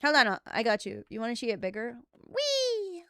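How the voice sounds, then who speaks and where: A woman's voice: a little high, fast talker, a bit bright, no room sound, studio quality. A woman streaming as a VTuber and chatting casually with her viewers, giggly and playfully bossy.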